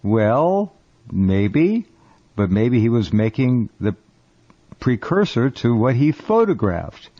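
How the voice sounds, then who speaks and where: A man hosting a radio talk show, casual and halting, often restarting his phrases. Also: medium pitch, big pitch swings, dark tone. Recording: dull lo-fi radio sound.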